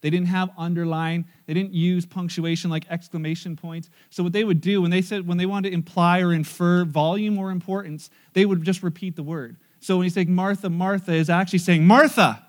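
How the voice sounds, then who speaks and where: A man preaching a sermon in church, animated and joking, acting out scenes. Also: high-pitched, fairly quick, few pauses. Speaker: pastor.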